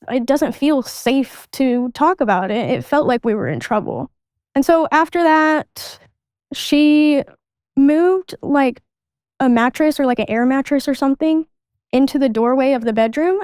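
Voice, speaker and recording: Young woman, podcast guest, halting candid storytelling, fairly high voice, smooth and clear, dry close mic. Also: a little mellow, no echo. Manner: halting, restarts sentences, reenacts past dialogue. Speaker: guest sharing her life story.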